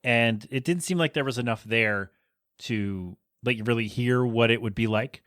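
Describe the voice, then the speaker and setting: Man, podcast host, casual solo chat, rambling, blunt opinions, medium pitch. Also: normal speed, a bit bright, no room sound, studio quality. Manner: rambling, restarts often, frank opinions.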